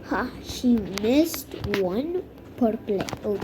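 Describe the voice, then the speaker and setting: A woman's voice: on the high side, slow, noisy background. A young woman muttering exasperated commentary while playing a building game, with dramatic outbursts. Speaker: gamer. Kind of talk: gaming commentary.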